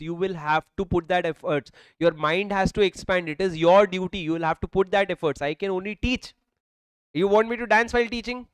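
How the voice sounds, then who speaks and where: Indian English male teacher, high voice, dry close mic, drills points to a classroom. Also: clear, resonant tone, no echo, poor audio. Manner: emphatic, repetitive, addresses students as sir. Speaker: accountancy law teacher. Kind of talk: classroom lecture. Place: classroom with students. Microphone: handheld or worn mic.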